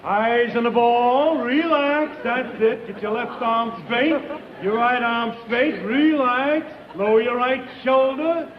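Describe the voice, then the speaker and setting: A man playing a fussy golf coach, giving drawn-out instructions in an old recording. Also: very high voice, reverberant, big-room sound, muffled recording.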